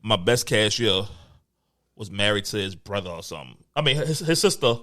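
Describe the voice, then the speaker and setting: This co-host has a fairly low voice and a moderate pace. His podcast storytelling is casual and animated, laced with swearing, and he acts out the lines he quotes.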